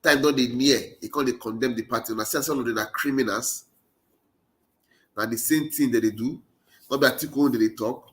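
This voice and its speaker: A man speaking a little fast in a medium-pitched, fairly bright voice delivers a passionate political monologue. He's a commentator with a Nigerian Pidgin accent who spurs listeners with repeated rallying phrases.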